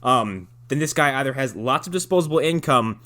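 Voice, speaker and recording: A man's voice: mid-range voice, expressive, brisk, bright, forceful tone. A man co-hosting a podcast, making wry jokes about a movie. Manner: wry, laughing asides. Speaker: podcast co-host. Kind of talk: casual movie-review banter.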